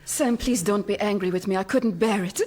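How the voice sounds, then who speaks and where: An actress playing a Swedish woman reunited with an old love, speaking in a breathy, melodramatic way that keeps rambling off track. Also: medium pitch, brisk, a little mellow, natural voice. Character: Swedish woman, a man's long-lost love. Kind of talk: radio sitcom acting.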